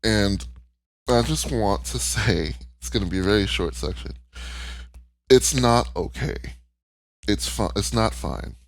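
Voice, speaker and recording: A man's fairly low voice comes through unhurried, with lots of pauses. He co-hosts a podcast, candidly and emotionally recapping a cartoon in casual chat and cursing freely.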